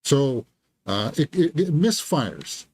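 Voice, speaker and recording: A man's voice: a little high, big pitch swings, slow pace, darkish tone, husky. A man hosting a live film review, thinking aloud and giving candid, critical verdicts. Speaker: movie reviewer and channel host. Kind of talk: live movie review commentary.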